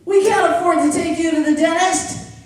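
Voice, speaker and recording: A woman's voice: extremely high pitch, fairly even intonation, moderate pace, darkish tone, voice pushed up. A woman voicing an angry, broke father who curses in exasperation. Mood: exasperated. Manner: cursing, exasperated. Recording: echoey theater from far off.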